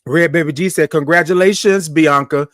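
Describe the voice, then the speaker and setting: A man hosts a morning live stream in a slightly high voice. He sounds friendly and loose, says "y'all" a lot, and stretches each viewer's greeting out into a slow, sung call. The recording is dry and close, with no room sound. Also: a bit bright, no room sound. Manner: Southern-style informal speech, says "y'all". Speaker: host of a live morning show. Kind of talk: casual live-stream chat.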